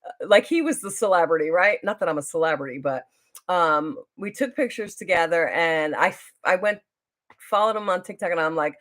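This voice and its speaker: A woman's voice: lowish voice, fairly quick, fairly bright tone. A middle-aged woman telling a long story on her live stream, rambling and chatty, with lots of fillers and restarts. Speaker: YouTuber hosting a live stream.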